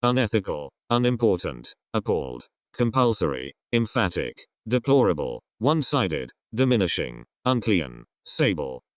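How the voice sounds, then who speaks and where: A man's voice: on the low side, big pitch swings, normal speed, hardly any pauses, dry recording, clean studio sound. A man reading out an English vocabulary list word by word, each word spoken on its own with a falling list tone. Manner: reads isolated words with falling list intonation. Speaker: vocabulary reader.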